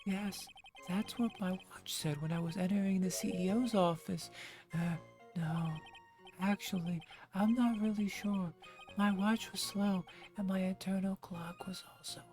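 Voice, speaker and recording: Woman doing flustered young male defendant, stammering, mellow tone, fan game voice-over. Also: mid-range voice, fairly even intonation, a little slow, faint music behind, natural voice. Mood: nervous.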